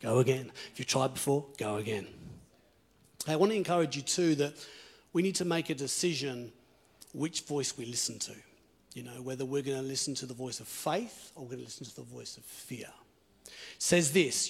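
A man's voice: fairly high pitch, fairly quick, slightly rough. A man preaching a conversational, encouraging sermon and reading scripture aloud. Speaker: pastor.

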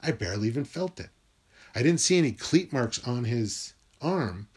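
A man's voice: medium pitch, moderate pace, slightly rough. Profane, wry male storyteller. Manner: profane, wry, animated retelling. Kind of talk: personal storytelling.

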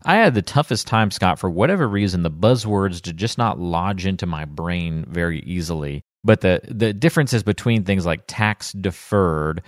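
A man's voice: low voice, lively intonation, normal speed, few pauses, no room sound, clean studio sound. Upbeat chatty male podcast host. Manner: upbeat, chatty, laughs easily. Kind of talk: casual podcast chat.

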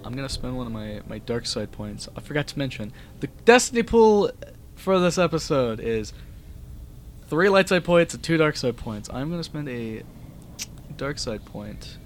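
A man's voice: medium pitch, very animated, normal speed. A man narrating a tabletop role-playing session as its game master, with a mid-range voice. His delivery is loose and easygoing, dotted with fillers. A faint hiss sits under the recording.

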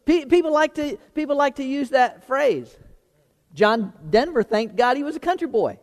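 A man's voice: extremely high pitch, lively intonation, normal speed, in a large hall. A man preaching a sermon as pastor, chatty and conversational, asking the congregation questions and repeating words as he finds them.

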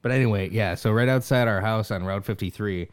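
A man's voice: on the low side, brisk, smooth, no echo, clean studio sound. Swearing man, ranting. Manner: swearing, rants and yells in frustration. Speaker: podcast co-host. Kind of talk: casual improv comedy chat.

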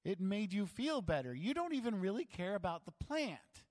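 A preacher speaking as God rebuking a prophet. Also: male voice, high-pitched, very animated, moderate pace, darkish tone, big-room sound, voice pushed up. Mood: reasoning. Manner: reasoning, mounting rebuke. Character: God, scolding yet reasoning, patient.

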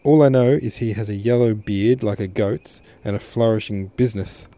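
A man reads as a young girl in tears, her pleas climbing higher and louder than the reader's own dark, mellow voice. She sounds bewildered and pleading. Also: moderate pace, lightly acted. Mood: dejected. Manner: sobbing, rising pleas.

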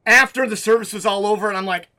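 A middle-aged pastor chatting casually on his radio show, his voice high for a man and very bright. He tells his story in an animated way, stumbling and restarting as he goes. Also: fast talker. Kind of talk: casual chat.

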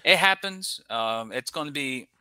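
A young man co-hosting a casual sports podcast, rambling with quick asides and chuckles. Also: mid-range voice, expressive, pushed and bright, clean tone, dry recording. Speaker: podcast co-host.

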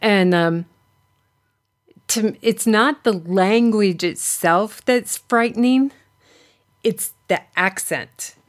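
A woman's voice: medium pitch, takes it slowly, pauses often. A woman co-hosting a podcast, telling stories in a rambling, chatty way during casual conversation. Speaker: podcast co-host. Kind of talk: casual chat.

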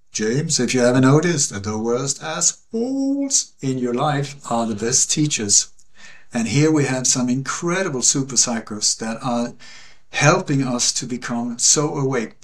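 Guy, earnest and emphatic, repeats stuff for weight, mid-pitch voice on a call. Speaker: interview guest. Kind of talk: passionate conversational monologue.

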